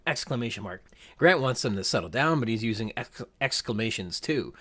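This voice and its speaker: A man's voice: mid-range voice, animated, a little fast, a bit bright. A man hosting a podcast, reading passages from a novel aloud and commenting on its writing. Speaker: podcast host. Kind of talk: literary analysis of a novel.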